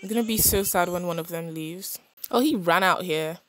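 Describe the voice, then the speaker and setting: A young woman casually narrating a life-sim game, chatty and expressive with quick reactions. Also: on the low side, dry recording. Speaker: gaming channel host.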